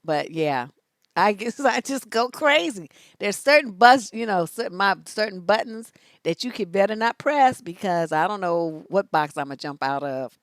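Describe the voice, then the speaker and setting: A woman relationship coach giving casual live-stream advice, sassy and animated, laughing often as she talks. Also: medium pitch, moderate pace, no room sound, clean studio sound.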